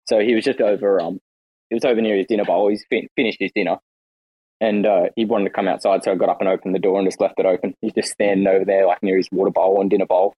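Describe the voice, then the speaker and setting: A man chatting casually on an online voice call, rambling and relaxed with lots of fillers and restarts. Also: sits low, fast, breathy edge, dry recording, rough recording. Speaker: participant in an online audio chat room. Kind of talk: casual chat.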